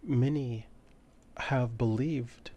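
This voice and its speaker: A man voicing a mysterious ancient female spirit who speaks in a slow, hushed, cryptic way. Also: mid-range voice, muffled recording.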